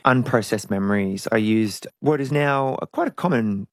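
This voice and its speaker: A middle-aged woman, a singer, talking frankly and reflectively as an interview guest, animated at times. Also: very deep voice, moderate pace, no echo, clean studio sound. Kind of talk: candid conversational interview.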